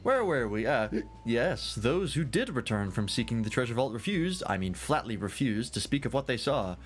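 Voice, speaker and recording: A man's voice: medium pitch, sing-song, moderate pace, a little hiss or hum, natural voice. A man reading game dialogue aloud in character, voicing a jovial, long-winded male scholar fond of drink, in a grandiloquent, theatrical storytelling manner. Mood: conspiratorial.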